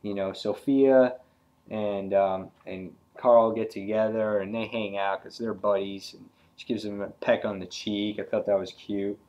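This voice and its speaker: A man's voice: on the low side, fairly even intonation, measured pace, lo-fi sound. A man casually reviewing a comic book, rambling with frequent fillers and restarts.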